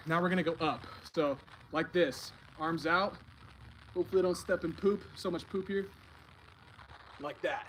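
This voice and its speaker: A man's voice: on the high side, a little hiss or hum. A young man livestreaming his baseball workout outdoors, out of breath, talking in a laid-back, slangy way. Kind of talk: casual livestream workout talk. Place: outdoors on grass.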